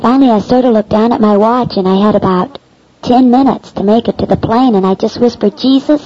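A woman telling a personal faith story aloud in an animated way, acting out the dialogue. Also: fairly high pitch, brisk. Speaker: storyteller giving a Christian testimony. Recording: dull lo-fi recording.

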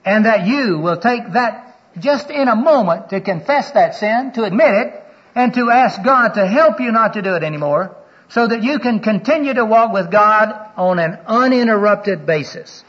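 A man's voice: high voice, expressive, normal speed. A middle-aged man preaching a sermon, telling personal stories earnestly and quoting people aloud. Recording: dull lo-fi recording.

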